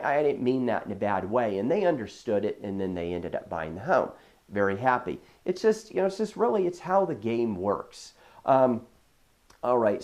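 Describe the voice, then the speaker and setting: A man's voice: on the low side, darkish tone. A man who works as a real estate agent, giving casual advice and telling stories from his deals in a conversational way, acting out the dialogue. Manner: conversational, acts out quoted dialogue, frequent fillers. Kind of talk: casual advice talk with anecdotes.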